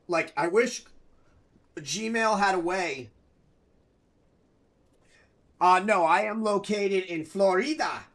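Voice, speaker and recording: A man's voice: high voice, a bit bright. A man streaming a video game, chatting casually and joking with viewers and his dogs.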